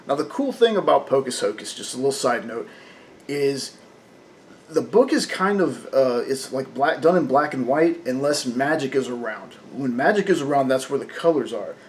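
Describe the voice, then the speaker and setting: A man's voice: mid-range voice, animated, normal speed, a little hiss or hum. A man reviewing a comic book in casual talk, chatty and full of fillers, often laughing.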